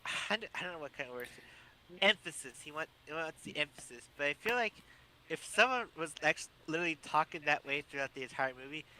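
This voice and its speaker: A man's voice: a little high, lively intonation, quick pace, bright, forceful tone, low-quality recording. A man co-hosting a casual podcast chat, rambling and opinionated with lots of fillers. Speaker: podcast co-host.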